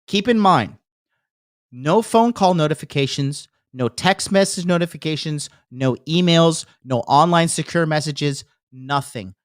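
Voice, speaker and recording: A man's voice: a little high, a little slow, no room sound, clean studio sound. A man hosting a podcast, telling a heated story in a casual, profane rant and acting out the people he quotes. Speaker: podcast host. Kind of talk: casual ranting monologue.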